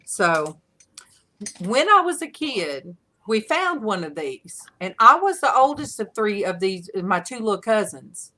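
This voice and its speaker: Lively rambling woman hosting a chat. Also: medium pitch, measured pace. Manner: rambling, laughing storyteller. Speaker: host of an online panel chat. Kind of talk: casual chat.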